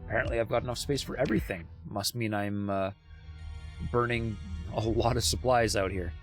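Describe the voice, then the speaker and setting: A man's voice: lowish voice, fairly even intonation, a little fast, soft background music. A man casually commentating his game on a livestream, chatty and thinking aloud. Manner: chatty, thinking aloud, many restarts and fillers. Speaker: streamer.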